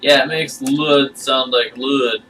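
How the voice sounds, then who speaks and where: A man reading aloud and voicing a creepy, hunched male butcher who runs an inn, speaking with a lisp and drawn-out, falsely innocent emphasis. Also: mid-range voice, steady tone, a bit bright, recorded from a distance, a little hiss or hum, poor audio. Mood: cheery.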